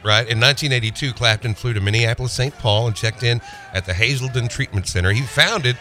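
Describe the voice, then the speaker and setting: A man co-hosting a weekend radio show, reading a comic bit in a mock-serious news voice. His tone is bright and forceful. His delivery is dry and wry, with light music playing faintly behind. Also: medium pitch, fairly quick.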